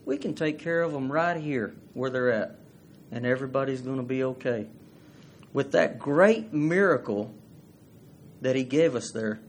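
A man's voice: medium pitch, slight background noise. Folksy preacher, man. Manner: folksy, asks the congregation questions. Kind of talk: sermon.

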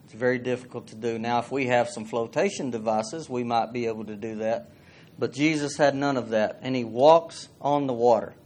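A man preaching, folksy and conversational. He reads scripture aloud and keeps turning to the congregation with questions. His voice sits at a middle pitch. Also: moderate pace, a little mellow. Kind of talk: sermon.

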